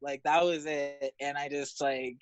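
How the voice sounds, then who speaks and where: A man in his thirties from Los Angeles, a guest telling candid, profane stories in an interview, animated and laughing often. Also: measured pace, smooth. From Los Angeles, USA. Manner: animated, profane, laughs often, jumps up in pitch when excited. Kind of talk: candid storytelling in conversation.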